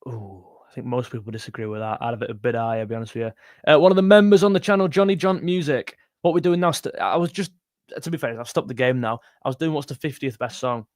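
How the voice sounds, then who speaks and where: In a dry, studio-quality recording, a young music channel host reads live chat comments in a chatty, joking way, calling people "mate." He talks fast in a steady, mid-range voice with a darkish tone.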